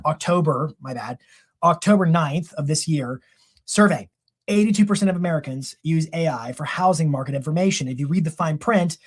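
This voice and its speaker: A man giving a live real estate marketing training, energetic and conversational, often correcting himself mid-sentence. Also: on the high side.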